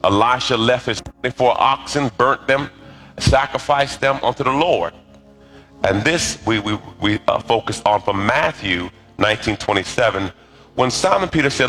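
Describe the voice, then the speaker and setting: Animated, lively-voiced male preacher. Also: mid-range voice, moderate pace, soft background music. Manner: animated storytelling with call-and-response to the congregation. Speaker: pastor. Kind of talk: sermon.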